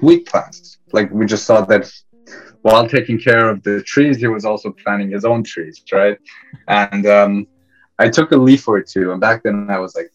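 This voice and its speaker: The audio is dull as a young man from Iran, his voice on the low side, tells casual stories as a podcast guest. He pokes fun at himself and frequently restarts his sentences.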